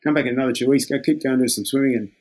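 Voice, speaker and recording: A man's voice: medium pitch, rapid-fire, a little mellow. An older Australian man, a former lifeguard, telling stories in a laid-back way, acting out the quoted exchanges and chuckling often. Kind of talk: casual storytelling.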